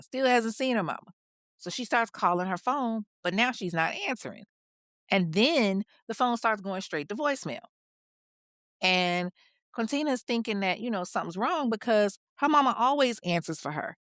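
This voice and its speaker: A woman's voice: medium pitch, expressive, normal speed, a bit bright, dry recording, clean studio sound. A woman hosting a podcast, telling a true crime story in a casual, slangy way with chatty asides.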